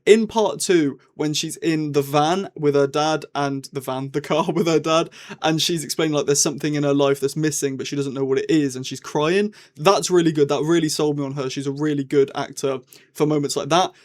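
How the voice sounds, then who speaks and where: Brief: young man, reviewer type, slightly higher voice, rambling and chatty, casual review monologue. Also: brisk. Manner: chatty and rambling, with lively swings in tone.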